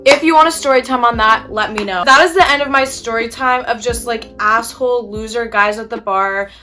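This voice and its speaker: A woman's voice: a little high, a little fast, over music. A young woman chatting casually while doing her makeup, telling an exasperated story with casual swearing. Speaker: beauty vlogger.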